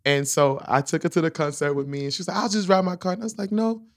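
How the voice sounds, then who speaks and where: A man's voice: a little high, animated, quick pace. A man casually telling a story about how he met his wife. He acts out the quoted lines and laughs often.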